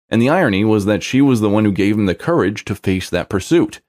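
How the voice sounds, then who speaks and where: Story narrator, man, low-pitched, expressive scripted read with animated pitch.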